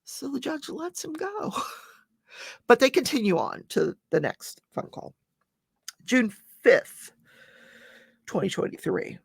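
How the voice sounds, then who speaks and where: A woman's voice: high-pitched, very animated, slow, creaky, pauses often, husky, dry recording, clean studio sound. A woman hosting a channel, casually recapping a trial and reading call transcripts aloud with chatty asides. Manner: chatty, reads testimony in plain voice with asides. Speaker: true crime channel host.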